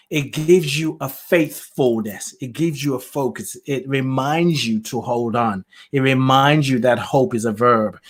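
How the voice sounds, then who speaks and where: A male podcast host talks alone into his own mic, sharing spiritual thoughts in a loose, casual monologue. He muses aloud, laughs often, and sometimes loses his thread before finding it again. His voice sits at a middle pitch. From lives in the UK. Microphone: solo podcast mic, self-produced.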